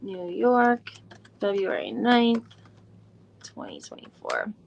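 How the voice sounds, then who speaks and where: Her medium-pitched voice swoops wildly, with vocal fry and a slow pace, on a muffled recording with slight background noise. She's a podcast host doing a live recap in a relaxed stream chat, rambling, searching online as she thinks out loud, with frequent fillers and mild swearing.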